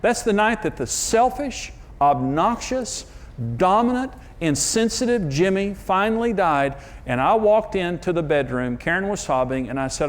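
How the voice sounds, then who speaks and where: Male TV marriage teacher, slightly high pitch, earnest and emphatic, confessional. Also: expressive, normal speed. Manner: earnest, emphatic storytelling with sudden pitch jumps; confessional, self-deprecating. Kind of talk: conversational sermon.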